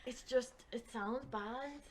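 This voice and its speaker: A woman's voice: fairly high pitch, slow, crowd noise. A woman, a band member guest, rambling and hesitant in casual interview chat, heavy on fillers.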